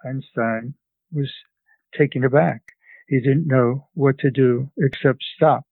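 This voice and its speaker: Older man, guest scholar, halting storyteller, gravelly voice, phone-line audio. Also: medium pitch, steady tone, no room sound. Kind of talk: interview, storytelling.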